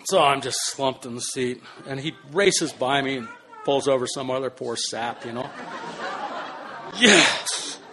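Brief: older male storyteller, mid-pitched, animated delivery that drops to hushed and bursts loud, casual swearing. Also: normal speed, slight background noise. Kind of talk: spoken personal anecdote.

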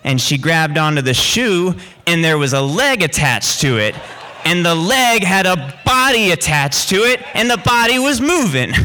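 Bright, lively man telling a story. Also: sits high, normal speed, slight background noise. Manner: lively, rambling, with vivid asides. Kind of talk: animated personal storytelling.

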